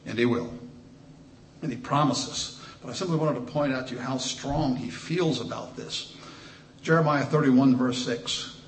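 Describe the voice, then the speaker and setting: A man preaching a sermon, reading scripture slowly and emphatically, with quick asides full of restarts. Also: medium pitch, steady tone, echoey room.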